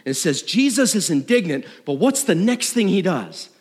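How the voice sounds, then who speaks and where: A middle-aged man preaching a sermon, swinging between loud and hushed. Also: high voice, normal speed, slightly rough. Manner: animated, dramatic shifts between loud and hushed. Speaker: pastor. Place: church sanctuary. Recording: long reverb of a large hall.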